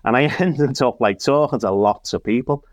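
Scouse man telling a lively story. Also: mid-range voice, normal speed, no room sound, studio quality. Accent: Liverpool. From Liverpool, England. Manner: lively anecdotal telling, with frequent asides. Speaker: comedian and church minister. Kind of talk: casual storytelling in a panel chat.

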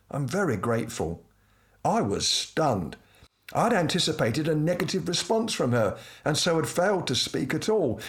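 Dry-witted man telling a comic story. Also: a little high. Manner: dry, self-mocking wit with lively voiced asides. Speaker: preacher telling a personal anecdote. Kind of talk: scripted humorous storytelling.

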